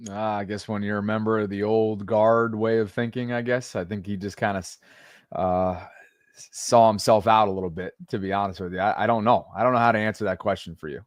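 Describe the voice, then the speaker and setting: Relaxed man hosting a live podcast. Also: fairly low pitch, brisk, no echo, clean studio sound. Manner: relaxed, friendly, runs through channel plugs. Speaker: podcast host.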